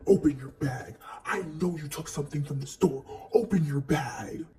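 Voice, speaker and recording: A woman's voice: deep voice, lively intonation, moderate pace, warm tone, roomy sound, recorded from a distance, faint music behind, pitched below the performer's own voice. A woman voicing a pushy middle-aged male store worker who bluntly accuses and demands. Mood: accusing.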